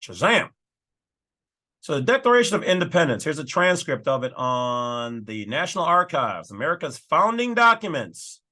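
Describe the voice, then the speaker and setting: A man's voice: a little high, very animated, normal speed, hardly any pauses, bright, forceful tone. A man hosting his own channel, casually talking through and reading legal documents with folksy, emphatic asides. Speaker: channel host.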